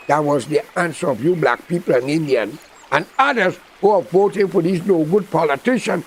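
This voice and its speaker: Gravelly Guyanese man preaching bluntly. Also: fairly high pitch, normal speed, slight background noise, poor audio. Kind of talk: impassioned political monologue.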